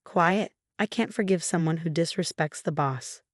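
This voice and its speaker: A woman voicing a stern, loyal young male employee who scolds forcefully in a storybook video. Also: fairly low pitch, normal speed, dry recording, clean studio sound, lightly acted.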